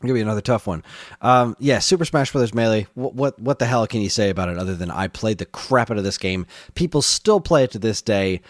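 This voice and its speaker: A man's voice: on the low side, expressive, a little fast, no echo, studio quality. A man co-hosting a gaming podcast in casual chat, enthusiastic and rambling, often laughing. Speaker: podcast co-host.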